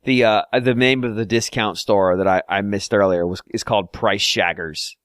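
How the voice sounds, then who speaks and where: Speaking at a normal speed, this man's voice sits on the low side, a bit bright and smooth, in a dry, clean studio recording. As a podcast co-host, he wanders through casual game chat, often restarting and filling pauses.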